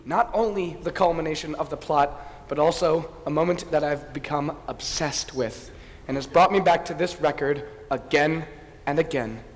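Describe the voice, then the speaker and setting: A man's voice: on the high side, moderate pace, slight background noise, natural voice. An actor playing a wistful man who narrates a favourite record with chatty, self-deprecating asides, captured on a stage. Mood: rueful. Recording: reverberant stage sound.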